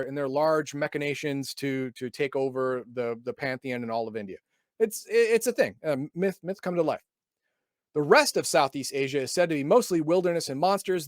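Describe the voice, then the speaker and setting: A man with a somewhat high voice reads from a role-playing book, then breaks off into wry, sarcastic comments. He trips over his words and repeats himself as he goes. The sound is dry and close. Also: dry recording. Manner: stumbles and repeats words often. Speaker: podcast host reviewing a game book. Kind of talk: casual chat reading and riffing on a book.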